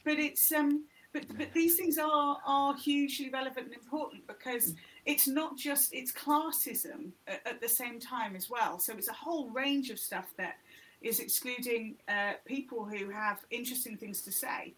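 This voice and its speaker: A woman from the north of England with a middle-class English accent, speaking as a podcast guest about organising local talks in a lively, frank way. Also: fairly high pitch, normal speed, rough recording. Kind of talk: casual podcast chat.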